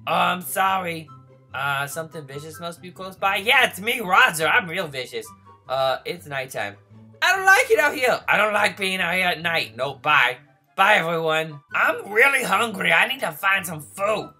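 A man voicing a lonely, needy baby male dinosaur in a game role-play, whiny and begging for friends, breathy and childlike. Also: high-pitched, very animated, moderate pace, faint music behind, full character voice. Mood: pleading. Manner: whiny, begging for friends, turning to frantic yelling when chased. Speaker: gaming video host.

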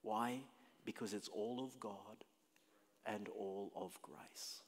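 A man preaching a sermon as pastor, emphatic, with loud exclamations and quiet questions. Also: lowish voice, slow. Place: church sanctuary. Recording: long reverb of a church hall.

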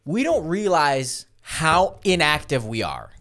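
A man's voice: on the high side, slow pace. A young man co-hosting a podcast, laughing through his stories, swearing a lot and acting out the people he quotes. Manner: laughing storyteller, heavy swearing, animated quoted voices. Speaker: podcast co-host. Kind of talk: casual podcast chat.

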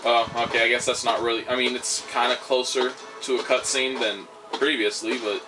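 Brisk and medium-pitched with little pitch movement, a young man narrates his video game in a rambling let's-play style. He jokes, curses and drifts into goofy tangents. Game music runs in the background.

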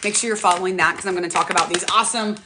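A middle-aged woman chatting on a livestream, talking fast and rambling with many restarts, often emotional and animated. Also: fairly low pitch, noisy background. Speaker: livestream host. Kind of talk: casual livestream chat. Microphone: tablet mic, close.

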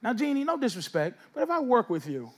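A middle-aged man doing a stand-up set, loud and teasing as he banters with the audience. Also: very high voice, very animated, fast talker. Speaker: stand-up comedian. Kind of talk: stand-up set with crowd work. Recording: live club recording with crowd noise. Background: audience laughter.

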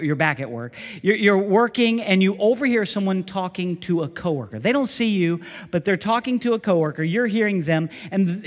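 Male pastor, sermon, direct questions to the congregation, high voice, long reverb in a church sanctuary.

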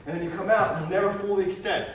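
An upbeat male fitness coach talks through exercise form step by step, his voice a little on the high side. He is picked up from a distance in a big, very echoey gym, with faint room noise behind him. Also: fairly even intonation, rapid-fire. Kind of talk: exercise demonstration.

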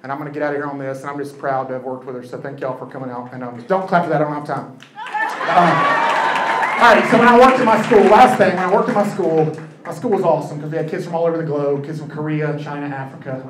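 A man performing a stand-up comedy set on a club stage, telling stories in a quick, conversational way. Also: a little high, steady tone. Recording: echoey club with crowd and noise.

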